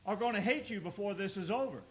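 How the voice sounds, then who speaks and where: A man's voice: sits high, lively intonation, quick pace. A male pastor preaching a sermon, reading scripture aloud and building emphasis. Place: church sanctuary. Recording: echoey church room with faint noise.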